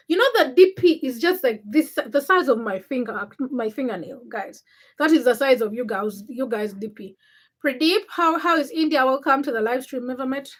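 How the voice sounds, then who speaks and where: A woman's voice: sits high, a bit bright. A young woman from Uganda hosting a casual livestream, reading viewer comments by name and teasing them. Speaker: livestream host.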